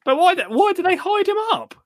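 A British man with a very high-pitched, expressive voice hosts a live gardening stream at a fairly quick clip. He chats casually, cracking jokes and laughing often as he reads viewer comments aloud.

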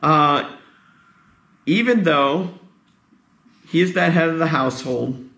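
Tired pastor with a gravelly voice. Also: male voice, a little high, slow, sharp tone, roomy sound. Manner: conversational, asks the congregation questions. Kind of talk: sermon.

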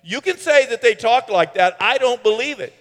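A man preaching a sermon in an animated way, with sarcastic asides, swinging from loud to hushed. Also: extremely high pitch, moderate pace, big-room sound.

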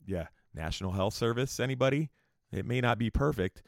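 A man's voice: fairly low pitch, dry recording, studio quality. An American man telling a travel story in a loose, profane, rambling way, breaking off into rants. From United States. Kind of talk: casual storytelling.

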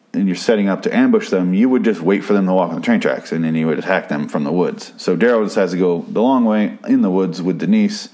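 A man's voice: deep voice, darkish tone. A man casually recapping a TV episode, rambling, swearing often and sounding exasperated. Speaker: TV show recapper.

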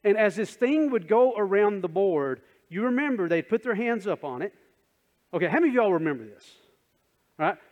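A male pastor delivers a sermon in an easy, conversational way, asking the congregation questions and acting out little scenes. His voice sits a bit high. The recording is dull and lo-fi, with a long reverb tail from the sanctuary. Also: sing-song, a little fast.

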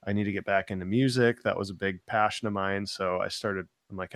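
A man's voice: deep voice, steady tone, a little fast, few pauses, a bit bright. A man hosting a casual live-stream chat, rambling and peppering his talk with "like". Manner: rambling, full of "like". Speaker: show host.

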